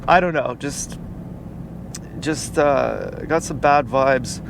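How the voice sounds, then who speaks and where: A man telling a personal story in a casual vlog, rambling and halting, with many fillers and restarts. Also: medium pitch, vocal fry. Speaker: vlogger. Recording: noisy outdoor street recording. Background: car and street noise.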